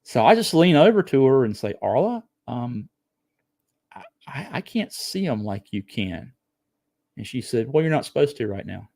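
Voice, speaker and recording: A man in his sixties with a gravelly edge to his mid-range voice, spinning a personal story for a podcast. He talks casually and often slips into lively acted-out bursts of his own thoughts. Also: medium pitch, moderate pace. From South Carolina. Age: 60s. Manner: animated, acts out his own excited thoughts. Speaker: podcast guest.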